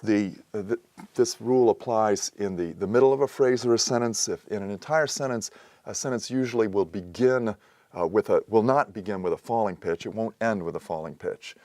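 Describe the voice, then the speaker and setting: A man explaining a language lesson in a measured way, pausing often with "uh" as he works through examples. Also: fairly low pitch, darkish tone, no echo, studio quality. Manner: measured, explanatory, with frequent "uh" pauses. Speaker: teacher. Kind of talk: recorded lecture.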